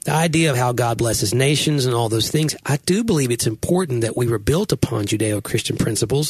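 A pastor talks through his thoughts on his podcast, earnest and reflective, often restarting his sentences. His voice has a husky edge. The sound is dry and close. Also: medium pitch, a little mellow, no echo. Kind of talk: casual podcast conversation.

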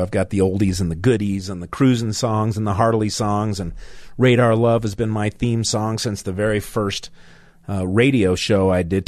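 A man's voice: fairly low pitch, darkish tone, no room sound. Man, talk radio host, blunt, indignant, dry studio sound. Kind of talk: talk radio call-in show. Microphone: studio microphone.

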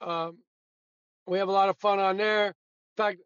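Guest storyteller, male, high voice, dry dull lo-fi sound, chuckles through tales. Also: moderate pace, clear, resonant tone, dry recording. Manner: animated anecdotes, laughs often. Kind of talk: casual storytelling interview.

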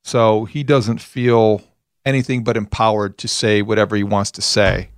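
A man's voice: fairly low pitch, flat delivery, moderate pace, clean tone. A man hosting a sports talk show, speaking earnestly and emphatically about college football. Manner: earnest, emphatic, laughs easily. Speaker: sports radio host, former college football player.

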